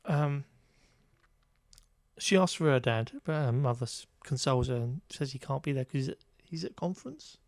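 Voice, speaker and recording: A man's voice: mid-range voice, moderate pace, no echo. A man co-hosting a casual podcast, recapping a film in a wry, exasperated way with lots of fillers. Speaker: podcast co-host. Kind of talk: casual chat reviewing a film.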